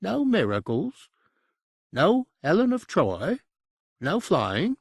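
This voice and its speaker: A man's voice: high-pitched, sing-song, slow, creaky, no room sound, studio quality, voice pushed up, heavily acted. A man voicing a sly, sulky male demon servant with an Australian accent, obsequious and bitter, in an audiobook reading.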